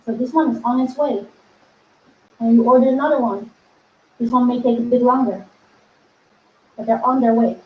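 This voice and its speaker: High-voiced woman coach in an echoey room. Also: moderate pace, long pauses, phone-quality sound. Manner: animated, laughs often, acts out inner voices. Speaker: spiritual coach. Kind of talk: casual teaching video.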